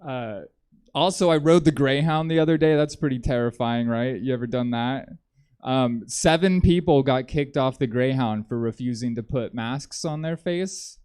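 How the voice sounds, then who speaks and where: A man doing a stand-up comedy set on a theater stage, rambling in a deadpan way with frequent ums. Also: mid-range voice, normal speed, clear, resonant tone.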